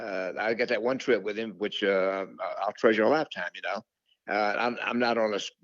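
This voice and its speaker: Older male guest, storyteller, lots of "uh" and restarts; low voice, lo-fi dry recording. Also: a bit bright, dry recording. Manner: rambling, many fillers and restarts, quotes his own thoughts. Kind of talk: casual storytelling interview. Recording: dull lo-fi dry sound.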